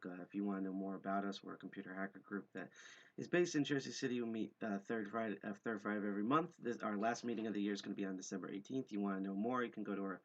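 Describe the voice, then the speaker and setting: A man hosting a casual livestream with a mellow voice, rambling with many fillers and self-deprecating asides. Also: fairly low pitch, rapid-fire. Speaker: livestream host and hacker group co-founder. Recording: dull lo-fi stream audio.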